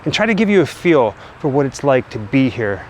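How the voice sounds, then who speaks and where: A man's voice: mid-range voice, sing-song, brisk. Man narrating an outdoor walking-tour vlog. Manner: enthusiastic, chatty guide. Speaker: travel vlogger. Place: outdoors in a cemetery by a busy road. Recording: outdoor street noise, passing traffic. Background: faint cars and trucks.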